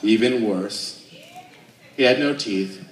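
Nervous, slow-talking young comedian. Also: male voice, fairly low pitch. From Alaska, United States. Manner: nervous, self-deprecating, crude jokes. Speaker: stand-up comedian. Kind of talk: stand-up comedy set. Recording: echoey room, voice far off.

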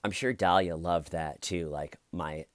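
A man's voice: sits low, a little slow, dry recording. A man giving casual, blunt and sardonic commentary on a true crime case.

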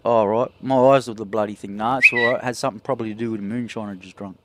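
A man's voice: fairly low pitch, steady tone, rapid-fire, heavy background noise, natural voice. A man doing a sloppy drunk Aussie bloke. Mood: rowdy. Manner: slurred, swearing constantly, loud and brash. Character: drunk rowdy Australian man on community service.

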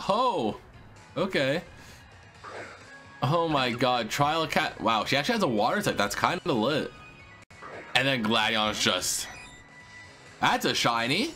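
Man, let's play host, excitable, slangy, cursing, jumpy pitch, casual commentary. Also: a little slow, long pauses, soft background music.

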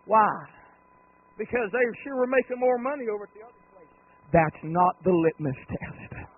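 A man preaching a holiness sermon. He tells folksy, humorous stories and swings from low talk to rising, shouted, drawn-out cries. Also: animated, slight background noise. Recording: tinny phone-like lo-fi recording.

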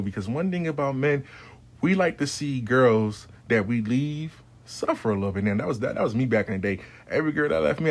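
A man in a casual monologue, advising clients as a spiritual adviser in a profane, rambling, slangy way. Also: mid-range voice.

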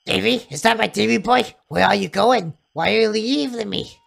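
Woman doing a gravelly, confused old mother. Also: mid-range voice, normal speed, voice pushed up. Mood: pleading. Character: frail confused elderly mother, fretful. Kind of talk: voicing game dialogue.

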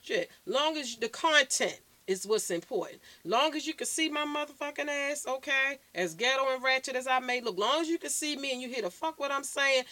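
A woman's voice: high-pitched, expressive, a little fast, hardly any pauses, sharp tone, no room sound. A woman vlogger ranting bluntly and profanely to camera, recorded on her phone. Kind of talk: unscripted rant to camera.

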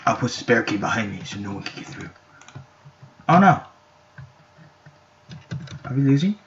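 A man giving excitable, rambling commentary while playing a video game, shouting at the game now and then. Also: mid-range voice, moderate pace, slight background noise. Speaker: gameplay YouTuber. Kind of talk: casual gameplay commentary. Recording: lo-fi mic with keyboard clicks.

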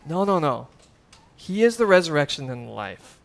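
A man preaching a sermon as pastor, animated and emphatic, with casual conversational asides. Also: fairly high pitch, normal speed, creaky. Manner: conversational asides with fillers and chuckles.

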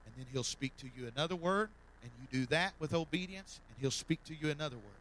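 A male pastor preaching a sermon in a church, swinging from loud fervent calls to soft repeated lines. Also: fairly high pitch, lively intonation, fast talker, slight background noise, poor audio. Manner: fervent, repetitive preaching that swells loud then drops soft. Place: church sanctuary.

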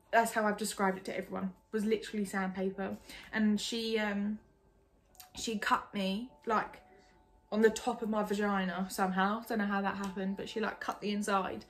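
A young woman from England telling a personal story in a casual, candid way, full of "like". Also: mid-range voice. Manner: chatty, lots of "like", candid and animated. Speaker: vlogger.

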